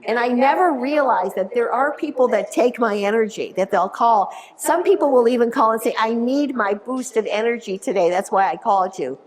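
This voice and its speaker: Casting: upbeat middle-aged woman, high voice, keynote speaker working a live room. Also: moderate pace, hardly any pauses. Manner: energetic, animated, engages the audience with questions. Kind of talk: motivational keynote talk. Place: conference room before a live audience.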